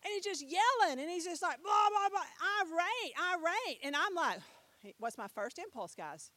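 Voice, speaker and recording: A middle-aged woman preaching a sermon, telling a story with animated swings between loud and soft and putting questions to her listeners. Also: very high voice, moderate pace, dry recording. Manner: talks with the audience, asks them questions.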